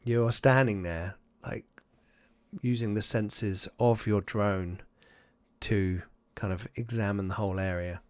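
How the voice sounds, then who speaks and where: A man's voice: lowish voice, steady tone, takes it slowly, darkish tone, dry recording. A man running a tabletop game as game master, narrating loosely and acting out side characters as he goes.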